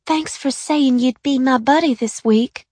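A woman voicing a shy new schoolgirl with a slow Southern US accent, talking softly. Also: high voice, dry recording, voice pushed up. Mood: nervous. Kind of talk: audiobook character voice.

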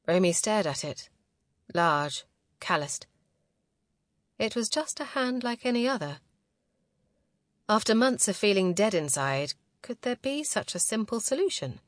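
A woman reading a novel aloud as narrator, in a measured, close and intimate way. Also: medium pitch, sing-song, no echo. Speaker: audiobook narrator. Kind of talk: scripted narration.

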